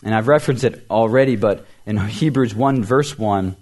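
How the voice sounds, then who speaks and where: Moving at a moderate pace with few pauses, this pastor delivers an earnest sermon. He stresses points by repeating words, lifting his voice on important phrases before letting it fall soft and low at the close.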